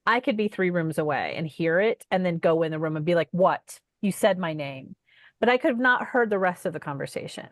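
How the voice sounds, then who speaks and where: A woman's voice: fairly low pitch, lively intonation, a little fast, no room sound, studio quality. A woman co-hosting a podcast, chatting casually and asking curious questions. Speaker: podcast co-host. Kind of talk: casual chat.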